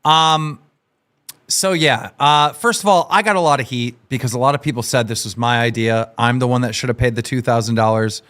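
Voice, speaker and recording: A man hosting a livestream, talking casually and brashly, swearing and yelling at his guests. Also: mid-range voice, a little fast. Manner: brash, profane, excitable. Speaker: stream host. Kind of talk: casual streamer chat.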